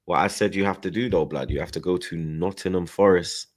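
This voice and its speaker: A man in casual football banter, teasing and slangy, shouting out viewers from the chat. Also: low-pitched, a little fast. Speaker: football fan panelist.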